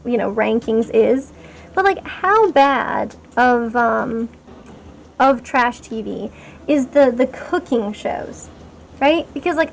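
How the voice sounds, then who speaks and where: A female streamer with a high voice talks to chat while playing her game, rambling and chatty. She keeps making fun of herself and gets excited easily, with slight background noise behind her casual commentary.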